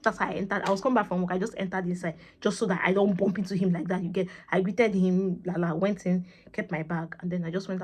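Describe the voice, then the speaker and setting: A woman's voice: on the low side, steady tone, fast talker, few pauses, darkish tone, breathy edge. Woman, Nigerian accent, vlogger, chatty storytelling, acts out conversations, Pidgin phrases. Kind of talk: casual storytelling to camera.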